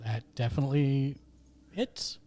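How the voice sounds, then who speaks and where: Man calmly narrating as game master. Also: medium pitch, measured pace, very noisy. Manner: steady descriptive narration with fillers. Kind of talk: narrating a tabletop game online.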